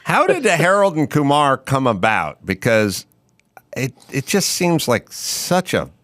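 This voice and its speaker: A man's voice: medium pitch, very animated, unhurried, a bit bright, no echo, studio quality. A man hosting a podcast, casual and curious, asking his guest questions. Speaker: host. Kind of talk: casual interview chat.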